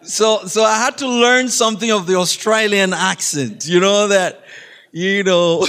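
A man's voice: high voice, a little slow, fairly bright tone, smooth. A middle-aged man giving a humorous faith talk to a school audience, chatty and laughing, often asking the listeners questions. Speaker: guest speaker.

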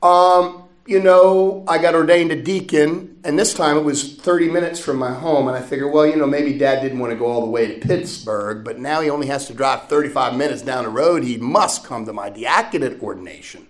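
Priest telling a personal story in a roomy church. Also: male voice, medium pitch, brisk. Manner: personal storytelling, gentle, laughs often. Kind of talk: sermon.

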